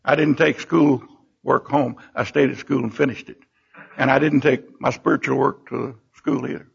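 An older man preaching a sermon in a church. He tells personal stories and bursts into animated exclamations. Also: mid-range voice, normal speed, vocal fry, breathy edge. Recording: dull lo-fi recording.

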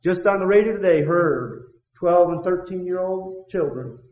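A man preaching a fiery sermon in a church, dropping to low murmurs and then building to shouted climaxes, with call-and-response asides. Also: moderate pace. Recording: echoey, muffled church recording.

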